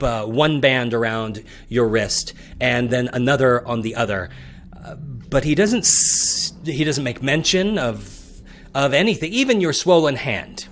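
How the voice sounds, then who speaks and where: A man running a tabletop game as dungeon master, narrating scenes slowly and descriptively, with some restarts. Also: mid-range voice, slight background noise.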